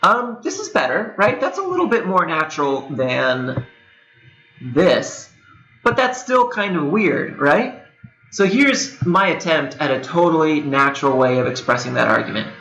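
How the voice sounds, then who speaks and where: A young man gives a recorded lecture in a bright, slightly high voice, explaining ideas in a loose, conversational way with playful asides. The room is echoey, and a machine whirrs in the background. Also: big pitch swings, measured pace. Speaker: instructor.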